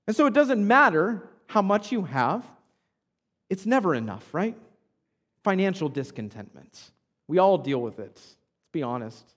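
A man's voice: high-pitched, very animated, unhurried, a bit bright. A man in his thirties preaching a sermon as pastor, conversational, often checking in with the congregation by asking "right?". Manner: conversational preaching with frequent tag questions. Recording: long hall reverb.

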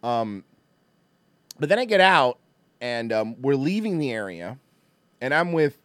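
A man hosting a podcast, telling a long story in casual chat, rambling and profane with lots of fillers and restarts, swinging between muttered asides and loud bursts. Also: medium pitch, very animated, unhurried, dry recording. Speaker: podcast host.

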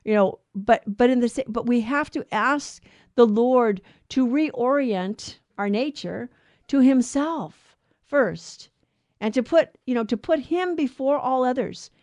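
A woman hosting a radio Bible show, teaching on scripture in an earnest, emphatic way with quick restarts. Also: a little high, expressive, a little mellow, dry recording.

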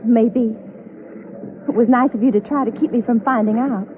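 A woman guest star acting in a 1950s radio drama, with a soft, gracious manner. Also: on the high side, fairly even intonation, normal speed, background noise. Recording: tinny lo-fi vintage radio broadcast.

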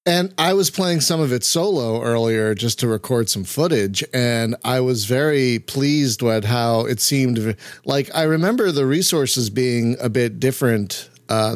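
A man's voice: mid-range voice, no echo. A man from Philadelphia hosting a casual podcast chat, laughing often and tripping playfully over his words. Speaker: podcast host. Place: home setup on a voice call.

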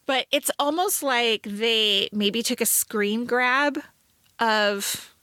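A woman co-hosting a podcast in casual chat, talkative and quick to laugh, with lots of "like" in her speech. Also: a little high, sharp tone, dry recording. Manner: chatty, laughs often, says "like" a lot. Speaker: podcast co-host reviewing a TV movie.

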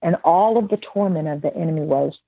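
A woman's voice: low-pitched, brisk, gravelly, slightly rough. A woman sharing a spoken testimony as a guest, telling her story vividly and acting out the voices of the people in it. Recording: dry tinny phone-like line.

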